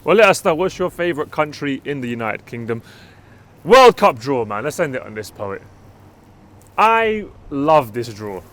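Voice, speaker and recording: Relaxed London man leading football chat. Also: mid-range voice, moderate pace. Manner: relaxed, leads the segments and addresses viewers. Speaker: podcast co-host. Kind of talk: casual chat.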